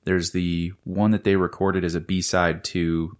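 Podcast co-host, man, very low voice, explains facts in a chatty way. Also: little pitch movement, measured pace. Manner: trivia-sharing, explanatory. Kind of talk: casual chat.

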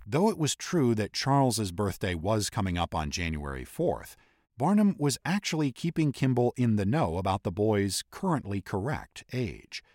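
A man's voice: on the low side, big pitch swings, normal speed, a little mellow, no echo, clean studio sound. A man narrating a history podcast in a scripted, explanatory storytelling manner.

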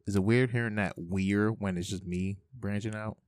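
A man's voice: on the low side, steady tone, normal speed, over music. A young man hosting a casual solo podcast, rambling and swearing as he talks to himself. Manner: rambling, profane, self-talking. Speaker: podcast host. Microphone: headphones with mic.

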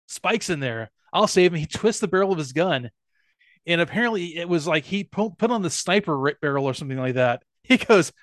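A man's voice: a little high, a little fast, dry recording, studio quality. A man co-hosting a podcast, casually and animatedly retelling a cartoon episode and acting out the characters' lines. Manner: animated storytelling, acts out quotes, laughs often. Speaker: podcast co-host.

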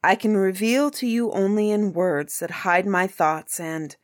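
A woman reading aloud, voicing a humble old male seer who speaks in a grave, measured way. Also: medium pitch, dry recording, clean studio sound, lightly acted. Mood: solemn.

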